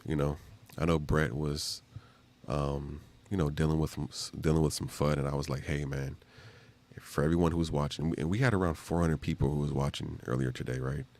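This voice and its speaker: Gravelly, very deep-voiced man streaming live. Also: fairly even intonation, brisk, darkish tone. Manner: rambling, loose slang with many fillers. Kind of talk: casual live-stream commentary.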